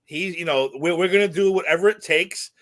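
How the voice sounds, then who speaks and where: A man co-hosting a podcast, chatting casually and excitedly retelling his reactions with lots of swearing. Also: fairly high pitch, a little fast. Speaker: podcast co-host. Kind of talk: casual chat.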